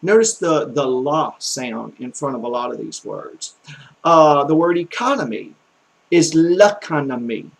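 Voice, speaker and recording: In a rough recording, a middle-aged Southern American language tutor from the southern U.S. gives a folksy, rambling lesson, often restarting and using fillers. His voice is medium-pitched, creaky, and very animated, with a slightly slow pace.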